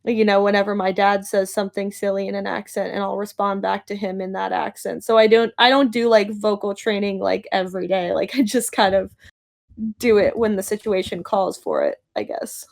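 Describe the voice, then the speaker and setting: A woman's voice: medium pitch, steady tone, brisk, gravelly. A young adult woman, a voice actress, chatting casually and bubbly in an interview, with lots of fillers and laughter.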